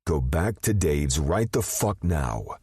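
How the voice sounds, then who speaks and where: A man voicing a gruff, hot-tempered adult male assassin in an audiobook, talking in curt, cursing growls. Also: deep voice, big pitch swings, moderate pace, dark tone, no echo, clean studio sound, voice pushed up, full character voice. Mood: flat. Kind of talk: audiobook character voice.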